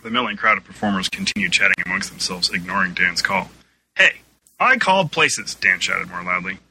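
A man narrating an amateur audio play in an animated way, changing his voice for the quoted characters. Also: low-pitched, fast, a little hiss or hum, poor audio.

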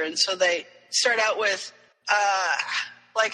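A man's voice: high-pitched, measured pace, in a large hall, low-quality recording. A man co-hosting a casual podcast, retelling a story and slipping into voices for the characters. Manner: animated, slips into character voices while retelling. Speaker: podcast co-host.

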